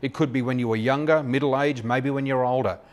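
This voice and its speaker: An Australian man in his fifties, a psychic flower reader telling his story in a chatty, anecdotal way with many filler pauses. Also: medium pitch, fairly even intonation. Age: 50s. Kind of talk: personal storytelling monologue.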